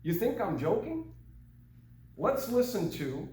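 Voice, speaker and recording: A man's voice: high-pitched, sing-song, takes it slowly, dark tone, distant mic. Earnest older man speaking in an echoey room. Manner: earnest, rhetorical questions. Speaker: meeting speaker. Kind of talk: speech to a small group. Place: meeting room. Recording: echoey room, mic from afar.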